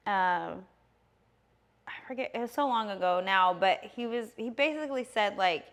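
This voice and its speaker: A woman's voice: mid-range voice, lively intonation, moderate pace, fairly bright tone. Rambling woman in her thirties. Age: 30s. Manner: rambling storyteller, heavy on fillers, often laughing. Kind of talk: casual podcast chat.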